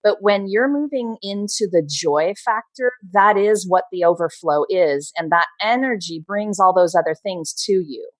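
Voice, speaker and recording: A woman's voice: medium pitch, moderate pace, hardly any pauses, no room sound. A middle-aged woman, a podcast guest, speaking passionately and motivationally in casual conversation. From Maryland, USA. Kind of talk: casual interview chat.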